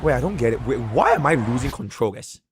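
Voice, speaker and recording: Man, streamer, live gameplay commentary, excitable, lively pitch, noisy background. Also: fast. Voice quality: excitable, swings from yelling to muttering.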